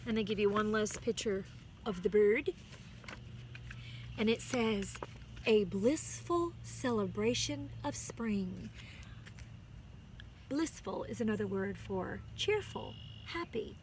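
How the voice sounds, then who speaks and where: A woman, a music teacher, reading a picture book aloud to her students outdoors and pausing to explain words to the children. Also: mid-range voice, darkish tone, a little hiss or hum. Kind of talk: storybook read-aloud. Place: outdoors on a chilly day.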